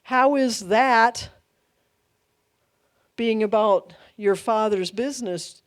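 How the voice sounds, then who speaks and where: A middle-aged woman pastor teaching a Bible study, animated, laughing often and acting out quoted lines. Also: fairly high pitch, takes it slowly, long pauses.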